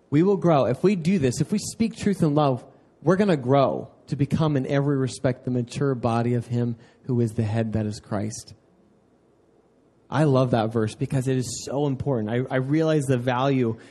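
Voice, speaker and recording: A young man preaches in a relaxed, conversational way, full of earnest asides. His voice sits a little high but sounds warm and mellow. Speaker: pastor. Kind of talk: sermon.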